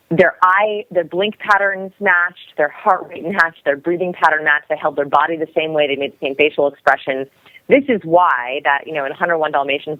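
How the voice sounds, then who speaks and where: A young woman who talks quickly and energetically, explaining as a guest expert in a podcast interview. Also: low-pitched, dry recording. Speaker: guest expert on body language. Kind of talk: podcast interview over the phone. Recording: dry, tinny phone line.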